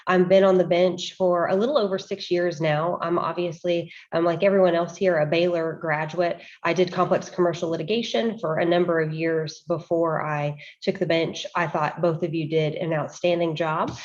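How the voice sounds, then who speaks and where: A woman moderates a panel of judges, brisk and polite. Her voice sits a little low. The audio is dull and lo-fi, like a video call. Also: fairly even intonation.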